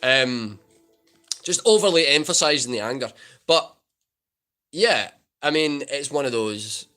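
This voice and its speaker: A man's voice: mid-range voice, animated, unhurried, bright, forceful tone, faint music behind. A Scottish man in his twenties hosting a casual livestream Q&A, joking and chatting as he answers viewers' comments. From Scotland. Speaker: livestream host answering chat.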